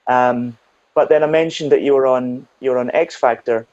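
A man's voice: mid-range voice, fairly even intonation, moderate pace, darkish tone, no room sound. Easygoing man interviewer, dull dry audio. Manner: easygoing and meandering, with many fillers. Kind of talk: casual interview chat.

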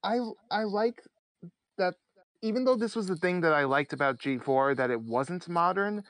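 A man's voice: sits high, lively intonation, moderate pace, a bit bright, no room sound. A man chatting casually as a podcast guest, laughing often and rambling with restarts. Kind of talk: casual chat.

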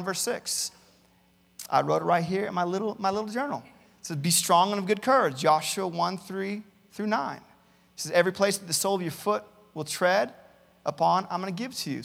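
Male pastor, sermon, somewhat high gravelly voice, big reverberant church hall. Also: moderate pace, a bit bright. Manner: earnest preaching, reads many Bible verses aloud, repeats words at starts. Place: church campus, large hall.

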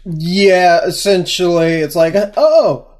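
A man's voice: high voice, lively intonation, slow. A man co-hosting a podcast in casual chat, chiming in with wry corrections and jokes. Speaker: podcast co-host.

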